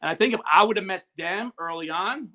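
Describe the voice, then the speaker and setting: Guy telling a story, bright punchy voice, acts out all the lines. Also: sits high, brisk. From New Jersey. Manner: animated, acts out quoted dialogue. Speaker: guest, YouTuber. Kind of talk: casual storytelling.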